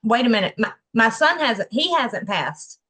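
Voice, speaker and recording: A woman, the client in a psychic reading, answering in short, quiet replies. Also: on the high side, very animated, moderate pace.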